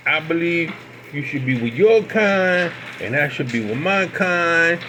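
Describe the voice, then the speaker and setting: A man's voice: a little high, expressive, measured pace, sharp tone, a little hiss or hum. A man putting on a brash backwoods Southern guy. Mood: blunt. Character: blunt backwoods Southern man, middle-aged.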